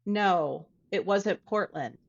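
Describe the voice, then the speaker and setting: A woman artist from Ohio telling a story in a casual interview, chatty and animated. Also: mid-range voice, slow, vocal fry, dull audio. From Dayton, Ohio. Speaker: artist guest.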